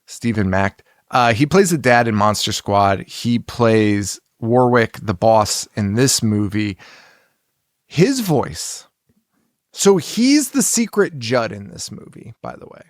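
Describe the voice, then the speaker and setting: A man with a lowish, expressive voice co-hosts a casual film podcast, speaking slowly as he rambles, swears, and laughs often. The studio-quality recording has no room sound.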